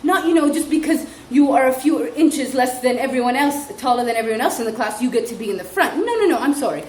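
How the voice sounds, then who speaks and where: Giggly high-voiced woman ranting in an echoey room. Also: quick pace. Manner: giggly, mocking, animated storytelling with acted-out quotes. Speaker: vlogger and ESL teacher. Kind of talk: casual comedic vlog rant. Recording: echoey room, faint ambient noise.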